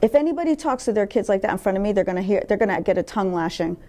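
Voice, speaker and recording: Blunt, emphatic woman with a mellow voice. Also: mid-range voice, expressive, racing. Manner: emphatic and blunt, swearing freely. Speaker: interview guest. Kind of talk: candid personal interview.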